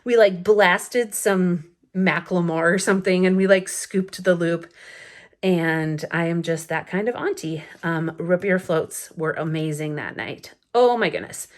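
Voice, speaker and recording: Her voice lowish and her pace measured, a scrapbooking vlogger in her thirties goes through a photo album at home late at night. The chat is casual and rambling, dotted with fillers and small laughs, and she seems a bit sleepy.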